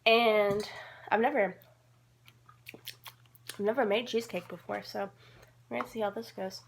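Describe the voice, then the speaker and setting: A woman's voice: mid-range voice, steady tone, moderate pace, vocal fry, a little hiss or hum. A young woman from the American South with no Southern accent, chatting in a bubbly, rambling, self-mocking way while baking. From Georgia, USA. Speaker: vlogger. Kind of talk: casual chat while baking.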